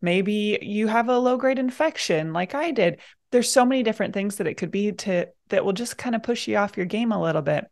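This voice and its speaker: A woman's voice: medium pitch, lively intonation, brisk, a little mellow. A woman guest, a naturopath, speaking emphatically and with conviction in a casual conversation.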